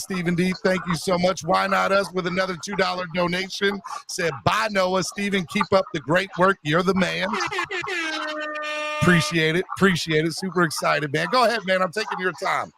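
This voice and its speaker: A man hosting a live sports podcast, loud and exuberant, shouting and cheering. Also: sits high, creaky. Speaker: podcast host.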